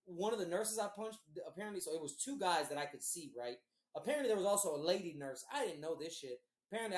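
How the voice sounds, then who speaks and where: A man spins a wild personal story in a loose, cursing, animated podcast style. He laughs as he goes, and his voice carries a roomy echo. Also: high voice. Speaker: podcast host telling a story. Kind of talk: casual storytelling.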